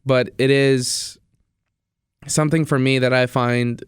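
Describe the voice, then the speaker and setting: Speaking slowly with fairly even intonation, a young radio DJ hosting his own podcast rambles eagerly in a casual solo monologue, saying the same things more than once. His smooth voice is mid-range, recorded cleanly in a studio without echo.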